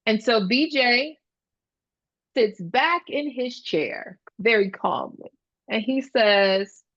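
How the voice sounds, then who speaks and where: Speaking at a conference as a guest, a speech-language pathologist uses a fairly high, expressive voice at an unhurried pace. She lays out ideas and tells stories with animation, mimicking how children talk. The recording is dry and sounds muffled.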